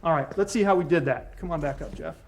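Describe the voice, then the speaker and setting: A man's voice: fairly high pitch, fast, creaky, very noisy. A man teaching self-defense techniques to a class, giving short commands and encouragement as students practice. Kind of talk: hands-on class instruction.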